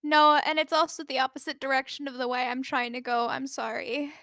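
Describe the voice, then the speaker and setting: High-voiced chatty woman player. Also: steady tone, fairly quick, a crowd in the background. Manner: chatty, lots of likes and restarts. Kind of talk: tabletop role-play chat.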